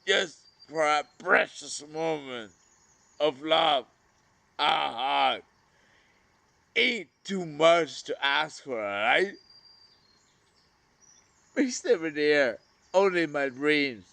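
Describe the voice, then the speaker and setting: A man pours out his grief to the camera in a slow, unhurried ramble full of curses. He lurches from raised, cracking outbursts to hushed murmurs. The sound is dry and close, with crickets and insects around him outdoors. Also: on the high side, lively intonation, gravelly, no room sound. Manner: grieving, rambling, swearing, swings from loud outbursts to near whispers. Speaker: vlogger. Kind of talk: emotional personal monologue.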